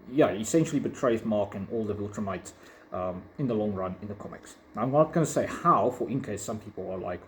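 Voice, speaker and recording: A man giving a casual, opinionated video review, rambling with frequent fillers. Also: medium pitch. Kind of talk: casual commentary.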